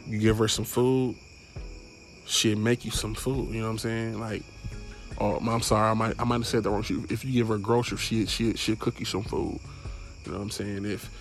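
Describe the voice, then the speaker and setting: Low, flat-voiced young man rambling. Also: normal speed, faint music behind. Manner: rambling, stumbling over words, swearing. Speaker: podcast host. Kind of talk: casual solo podcast monologue.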